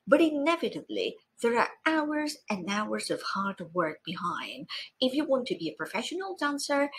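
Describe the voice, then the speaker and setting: A middle-aged woman teaching an English exam-prep lesson, expressive and playful with animated exclamations. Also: on the high side, breathy edge, poor audio. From Spain.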